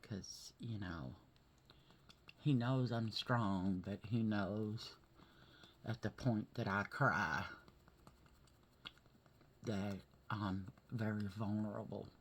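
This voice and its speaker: A woman talking through a hard day in a vlog, teary and halting, often asking "okay?" and sometimes dropping to a whisper. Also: extremely low pitch, fairly even intonation, husky. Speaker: vlogger. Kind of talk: emotional personal vlog.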